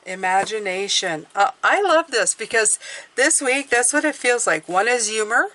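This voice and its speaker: A woman's voice: fairly high pitch, animated, moderate pace, sharp tone, slight background noise. A woman giving a casual, encouraging tarot and numerology reading, chatting and thinking aloud as she draws cards.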